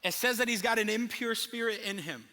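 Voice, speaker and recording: A young man preaching a sermon, animated, acting out little scenes as he tells the story. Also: high voice, a little fast. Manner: animated storytelling with acted asides. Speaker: pastor. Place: large church hall. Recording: long reverb of a big hall.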